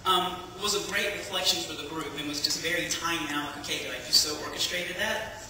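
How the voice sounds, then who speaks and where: A woman giving a personal testimony as a lively storyteller, acting out the dialogue and laughing often. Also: low voice, a little fast, background noise. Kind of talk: personal testimony to a church audience. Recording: echoey hall, from far off.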